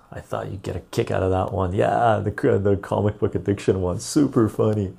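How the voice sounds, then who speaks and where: A man with a gravelly, husky voice chats casually on a live stream. He reads viewer messages aloud and answers them in a loose, rambling way, full of fillers. His tone is mellow and on the low side. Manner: relaxed and rambling, with frequent fillers.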